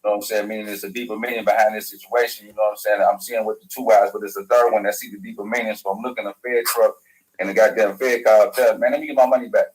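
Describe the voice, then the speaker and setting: A man's voice: on the low side, flat delivery, quick pace, darkish tone, poor audio. A man, a talk show guest telling a long story in loose, slangy, profane talk. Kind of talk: rambling storytelling.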